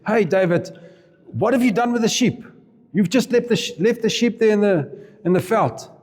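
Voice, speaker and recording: A man's voice: high voice, normal speed, a little mellow, voice pushed up. A man voicing David's older brothers, scolding him in a mocking tone. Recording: reverberant hall.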